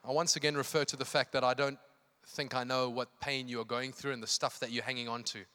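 A man's voice: mid-range voice, little pitch movement, fast, sharp tone, smooth. A man preaching an evening church sermon, emphatic and impassioned, repeating phrases for effect. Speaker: pastor. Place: church hall. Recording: long hall reverb.

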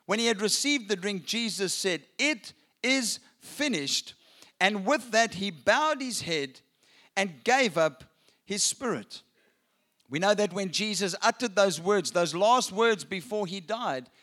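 A male pastor preaching an Easter sermon in a church, with slow, dramatic pauses for emphasis. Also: sits high, fairly bright tone. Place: church with a balcony.

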